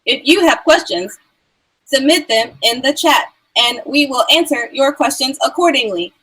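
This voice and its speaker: A woman's voice: sits high, expressive, moderate pace, a bit bright, husky, rough recording. A woman player speaking on a stream over a video call, stiff and formal when she makes announcements. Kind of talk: casual stream chat.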